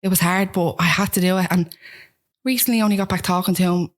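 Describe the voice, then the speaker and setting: Speaking quickly in a lowish, steady voice, a young Dublin-accented woman from Ballymun candidly discusses her family as an interview guest. She's chatty and conversational, often saying "like" and restarting her sentences.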